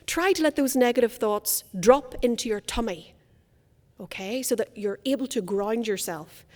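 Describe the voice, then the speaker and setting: A woman speaking coach giving a conference workshop, enunciating crisply with theatrical emphasis. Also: on the high side, darkish tone. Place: conference hall. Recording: long hall reverb.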